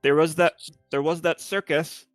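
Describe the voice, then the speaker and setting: A man's voice: on the high side, flat delivery, moderate pace, dry recording, soft background music, natural voice. A man voicing a hesitant, polite fox-spirit adventurer who stumbles and repeats his words.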